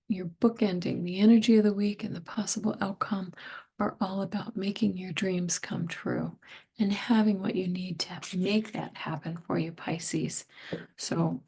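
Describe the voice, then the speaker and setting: A middle-aged woman talks through a tarot reading, her voice hoarse and fading, with many words coming out as a breathy near-whisper. She speaks slowly and gently, musing as she goes. Her tone is low and mellow, with a gravelly fry at the ends of phrases. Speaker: tarot reader.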